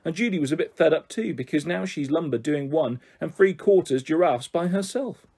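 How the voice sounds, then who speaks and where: A man reads a children's novel aloud with lively, expressive storytelling. His voice sits slightly high, mellow and somewhat husky. He gives the first-person narration a playful bounce. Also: moderate pace. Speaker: audiobook reader.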